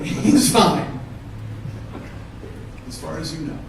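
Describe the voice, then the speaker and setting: A male comedian telling profane, animated stories on a theater stage, often laughing through his lines. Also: on the high side, takes it slowly, creaky, very noisy. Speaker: stand-up comedian. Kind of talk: live one-man comedy storytelling. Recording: echoey hall from far off.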